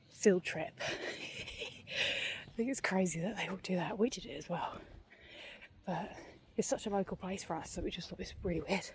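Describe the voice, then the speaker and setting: Speaking in a voice on the low side, a woman vlogs while walking her dog outdoors, rambling casually and teasing herself. She's a little short of breath, and there's slight background noise.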